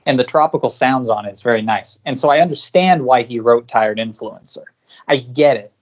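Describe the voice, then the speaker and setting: Co-hosting a podcast, an American-accented man rambles through opinionated music reviews, restarting sentences and swearing in casual chat. His medium-pitched voice moves a little fast, and the recording has its highs cut off.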